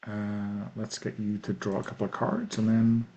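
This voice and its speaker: A man running an online tabletop role-playing game in a relaxed, questioning way. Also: lowish voice, moderate pace, muffled recording. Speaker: game master.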